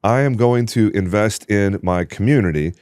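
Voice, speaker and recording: Male podcast host, very low voice, emphatic, dry studio mic. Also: normal speed, darkish tone, clear, resonant tone, no room sound. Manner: emphatic and enthusiastic. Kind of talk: casual conversation.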